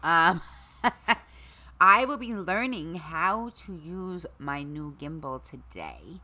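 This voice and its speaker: Middle-aged woman streamer, low-pitched yet bright, lively delivery, slightly hoarse, casual chat. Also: slow, a little hiss or hum. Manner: chatty, talks to her gear and dogs. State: losing her voice. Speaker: livestream host.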